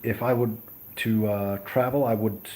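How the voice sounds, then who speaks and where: A young man from Serbia hosting a casual live stream, chatting and answering viewers with many pauses and restarts. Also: on the low side, fairly even intonation, darkish tone. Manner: hesitant, many ums and restarts; friendly, thanks viewers often. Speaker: livestream host. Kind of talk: casual live chat reading viewer comments.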